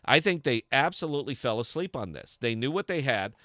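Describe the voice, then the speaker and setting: A man's voice: medium pitch, animated, a little fast, bright, forceful tone, dry recording, studio quality. A man hosting a livestream podcast in casual chat, fired up and blunt, with salty language. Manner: fired-up, blunt, profane ranting. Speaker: podcast host.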